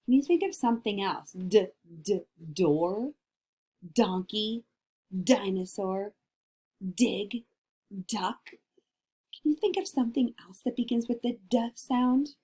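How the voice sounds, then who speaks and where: A woman teacher giving a phonics lesson to young children, sounding out letter sounds slowly and encouraging them with questions and praise. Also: fairly high pitch, animated, mellow, husky.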